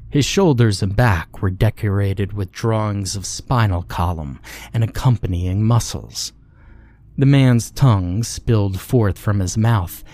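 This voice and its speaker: A man narrating a scary story in a measured, steady delivery. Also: fairly low pitch. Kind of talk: scripted horror story narration.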